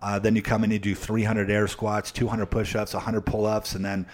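A man's voice: on the low side, level tone, fairly quick. A man giving a motivational coaching talk to viewers, repeating his points emphatically and often checking in with tag questions. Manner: addresses viewers directly. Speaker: sales coach. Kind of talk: motivational live-stream talk.

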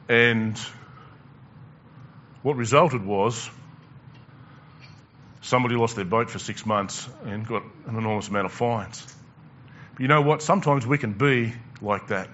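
A man's voice: medium pitch, moderate pace, long pauses, fairly bright tone, dull audio, slight background noise. A male pastor preaching a conversational sermon, asking the congregation questions and repeating words as he goes.

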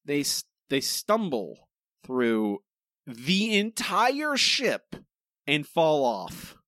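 A man co-hosting a podcast, recapping an animated episode in casual, rambling chat full of restarts. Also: a little high, very slow, no echo, clean studio sound. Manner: animated, rambling with restarts, addresses co-host by name. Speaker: podcast co-host.

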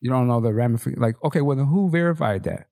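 A man talking casually as a podcast co-host, at an ordinary middle pitch. He sounds laid-back and slangy, laughs often and keeps throwing rhetorical questions at his partner. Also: lively intonation, quick pace, mellow. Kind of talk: casual chat.

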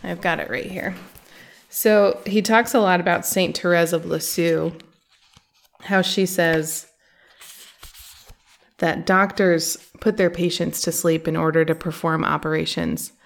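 A woman's voice: lowish voice, flat delivery, measured pace, gravelly, pauses often. A woman hosting a faith podcast, speaking earnestly and conversationally and reading quotes from a book aloud. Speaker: podcast host. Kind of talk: reflective faith podcast talk.

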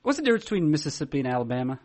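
A man with a notably high speaking voice chats casually on a podcast. He tells stories haltingly, circling back and restarting his sentences. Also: big pitch swings. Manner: rambling, halting storyteller with many restarts. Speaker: podcast co-host.

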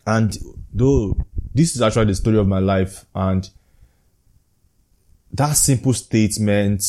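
A man's voice: fairly low pitch, measured pace, long pauses, warm tone. A young man earnestly telling a personal story from a leadership program, reflective and often chuckling.

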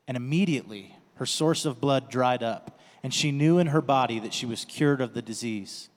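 A man giving a slow, deliberate scripture reading. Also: medium pitch. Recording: echoey hall.

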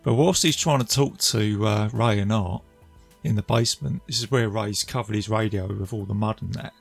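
A man's voice: lowish voice, moderate pace, creaky, breathy edge, soft background music. A man casually retelling a film's scenes, chatty and laughing as he goes. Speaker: film reviewer. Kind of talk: casual film recap.

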